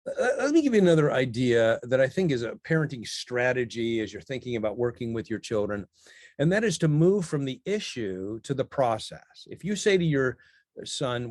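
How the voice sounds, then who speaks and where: A man teaching parents in a webinar chat who laughs easily and quotes parents in a brisk voice. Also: mid-range voice, big pitch swings, darkish tone, dry recording, clean studio sound.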